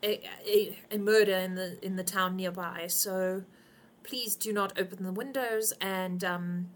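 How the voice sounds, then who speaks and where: A woman's voice: mid-range voice, fairly even intonation, unhurried, a little hiss or hum, lightly acted. A woman voicing a stiff, haughty male butler in a tabletop game, speaking in formal, clipped and disdainful tones.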